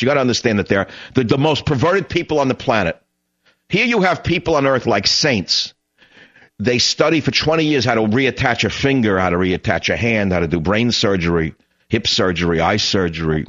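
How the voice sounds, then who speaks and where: A man hosting a political talk radio show, ranting in a combative, sarcastic monologue with sudden loud outbursts. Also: medium pitch, highs cut off.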